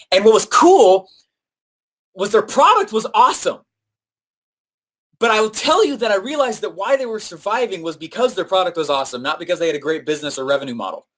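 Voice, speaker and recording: A man with a somewhat high voice teaching a live-streamed marketing lesson. He tells stories in an animated way and acts out what others said to him. He peppers his talk with fillers and "right?" tags. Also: quick pace. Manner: frequent fillers and "right?" tag questions. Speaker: marketing coach.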